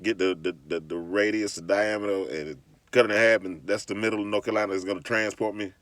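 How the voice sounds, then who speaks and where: A man's voice: fairly low pitch, fairly even intonation, fast talker, fairly bright tone, no echo. A man delivering a heated, profane vlog rant, mocking his critics and often restarting or repeating words. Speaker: vlogger. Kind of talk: ranting vlog monologue.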